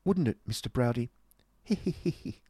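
A man's voice: lively intonation, brisk, darkish tone, no room sound, studio quality, lightly acted. A man voicing a jealous, spiteful young woman who sneers and titters in an audiobook reading. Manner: shrill, sneering, giggly. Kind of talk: audiobook character voice.

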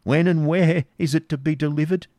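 A man's voice: fairly high pitch, fairly even intonation, normal speed, dark tone, dry recording, pitched above the performer's own voice, close to an everyday voice. A man voicing a timid, pleading old male moneylender who stammers as he begs, read as a storybook figure.

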